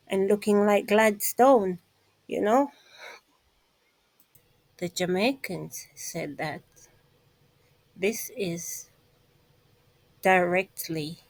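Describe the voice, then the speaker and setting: Slow, emphatic woman vlogger. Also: medium pitch, no echo, rough recording. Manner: emphatic and repetitive, addresses listeners directly. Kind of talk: casual commentary monologue.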